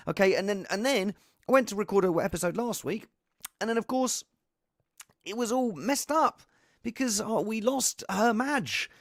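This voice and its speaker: A male host chatting casually on a live stream, wandering from one thought to the next and poking fun at himself. His voice sits a little high, with a gravelly rasp. The sound is dry and close. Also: lively intonation, normal speed, dry recording. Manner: rambling, self-deprecating.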